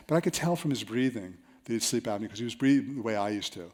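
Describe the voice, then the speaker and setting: A man presenting a seminar to a live audience. He tells self-mocking stories with lively energy. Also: medium pitch, rapid-fire, few pauses. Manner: storytelling, animated, with self-mocking anecdotes.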